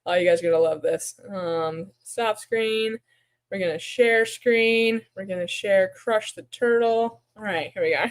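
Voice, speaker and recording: A woman's voice: medium pitch, measured pace. Chatty woman hosting a puppet livestream. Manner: chatty, reads chat aloud, mutters while clicking around. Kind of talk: casual livestream chat.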